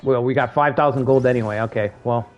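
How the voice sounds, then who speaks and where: A man streaming a strategy game, telling stories in a casual, animated way and swearing freely. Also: mid-range voice, fast talker. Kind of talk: casual gaming stream chat. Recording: dull lo-fi stream audio with faint game music.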